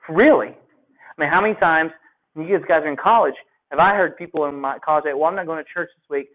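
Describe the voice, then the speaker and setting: A man's voice: fairly high pitch, fast. Man lecturing a class over a thin line. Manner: conversational, asks students questions. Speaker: teacher. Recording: phone-like lo-fi audio.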